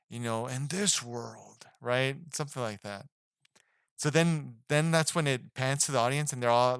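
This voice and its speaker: A man's voice: medium pitch, a bit bright, clear, resonant tone, no echo, studio quality. A man giving a casual spoken film review, rambling and hesitant, with lots of fillers and restarts. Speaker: movie reviewer.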